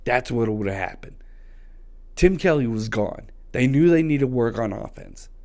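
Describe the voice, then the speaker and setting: A man's voice: mid-range voice, lively intonation, measured pace, darkish tone. A man delivering a passionate, frustrated solo opinion rant as a sports vlogger, hammering his points with repetition.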